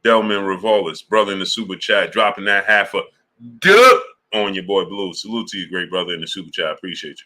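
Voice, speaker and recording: Deep-voiced man telling a story on stream. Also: fast talker, hardly any pauses. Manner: animated storytelling full of slang, laughs often. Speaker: sports channel host. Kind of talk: livestream chat with super chat shoutouts.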